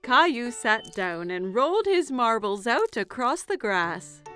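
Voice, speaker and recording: A woman narrating a preschool cartoon in a gentle storybook manner. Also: on the high side, sing-song, unhurried, soft background music.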